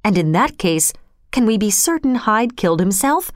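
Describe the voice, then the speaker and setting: A woman voicing a grave, resolute middle-aged male lawyer who speaks firmly and in measured tones. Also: mid-range voice, animated, clear, resonant tone, no room sound, studio quality, natural voice. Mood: alarmed. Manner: firm, measured.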